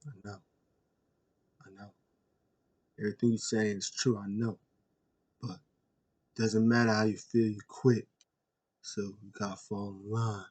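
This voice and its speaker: A cool, unbothered champion speaking low and hushed, almost whispering his threats, as a man puts him on. The voice stays soft and level, cold rather than angry. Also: level tone, unhurried, long pauses, breathy edge. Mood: calm. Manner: quiet, low and menacing, trailing into a whisper. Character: calm, cold wrestling champion, cool as a cucumber.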